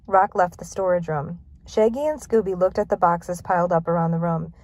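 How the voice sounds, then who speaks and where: A woman narrating a children's mystery storybook in a clear, even reading voice. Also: lowish voice, moderate pace, hardly any pauses, no echo. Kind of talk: storybook read-aloud.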